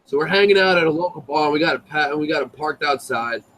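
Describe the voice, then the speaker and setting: A man's voice: fairly high pitch, quick pace, a little hiss or hum, rough recording. A young man telling a story in casual, profane greaser slang, acting out the voices of the people in it. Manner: animated, acts out voices in his story. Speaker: live stream guest.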